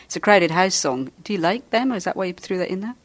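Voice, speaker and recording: A podcast host conducts a casual interview in a chatty, enthusiastic style, laughing readily. Her voice is lowish and animated.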